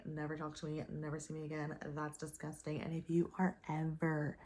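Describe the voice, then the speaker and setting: Young woman, vlogger, casual storytelling, lowish pitch, exasperated, swears a lot. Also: darkish tone, a little hiss or hum.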